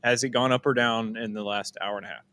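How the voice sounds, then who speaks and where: A man's voice: fairly low pitch, steady tone, fast, pushed and bright. A young man co-hosting a casual live stream, talking animatedly, laughing often and trailing off into restarts. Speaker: co-host.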